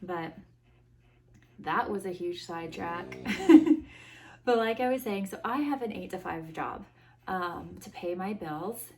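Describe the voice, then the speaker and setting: A woman's voice: fairly low pitch, slow pace, long pauses, darkish tone. Chatty, rambling woman podcaster. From United States. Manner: rambling, chatty, self-mocking with dry sarcasm. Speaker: podcast host. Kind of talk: casual solo chat. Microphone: iPhone.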